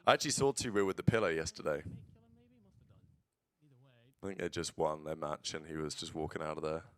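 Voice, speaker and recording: A man streaming casual watch-along commentary on esports matches, blunt and swearing, bursting into excited play-by-play. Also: a bass voice, a little fast, clean tone.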